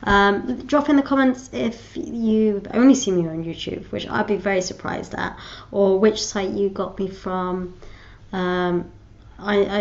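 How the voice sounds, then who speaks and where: A woman's voice: fairly low pitch, a little mellow. Giggly rambling woman vlogger, lo-fi sound. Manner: rambling, giggly, self-interrupting. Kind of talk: casual chat to camera.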